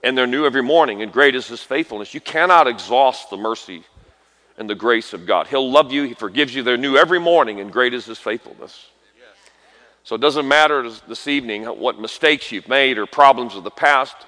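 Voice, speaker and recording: A man preaching a sermon as a guest preacher, animated and folksy, trading call-and-response with the congregation and swinging between quiet asides and shouted exhortations. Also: medium pitch, fairly quick. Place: large church hall. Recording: reverberant church hall.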